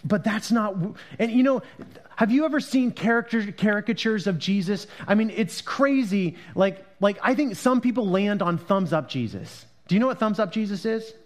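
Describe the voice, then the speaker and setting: Man preaching, high and animated. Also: moderate pace. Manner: conversational preaching, swinging from loud emphatic to quiet and hushed. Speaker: pastor. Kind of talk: sermon.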